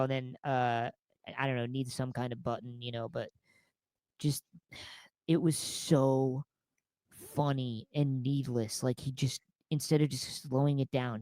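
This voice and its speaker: A man's voice: medium pitch, measured pace, no echo. A man co-hosting a podcast, telling a funny story in casual chat, laughing often and acting out bits of it. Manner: animated storytelling with frequent laughter and acted-out quotes. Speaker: podcast co-host.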